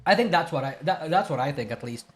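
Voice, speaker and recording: High-voiced man ranting casually. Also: expressive, fast, faint music behind. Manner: blunt, profane, rambling with many restarts. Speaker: streamer. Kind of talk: casual reaction stream commentary.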